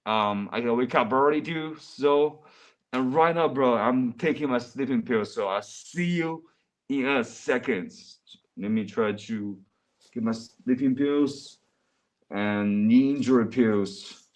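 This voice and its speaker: A man's voice: medium pitch, slow pace. A man livestreaming in casual, rambling chat, often calling his viewers bro.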